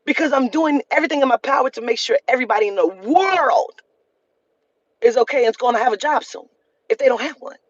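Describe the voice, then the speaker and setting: A woman's voice: sits high, lively intonation, quick pace, breathy edge, no echo. A woman talks straight to camera in a heated, swearing rant, hammering her points home by saying them again. The sound is close and dry with little room around it. The top end is slightly dull. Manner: heated, profane, repeats lines for emphasis. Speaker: vlogger. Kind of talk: emotional storytime rant.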